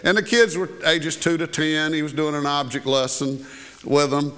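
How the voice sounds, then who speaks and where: A man's voice: on the high side, fairly even intonation, moderate pace, a bit bright. A man preaching a sermon, telling a story in a folksy, conversational way with asides to the congregation. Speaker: pastor.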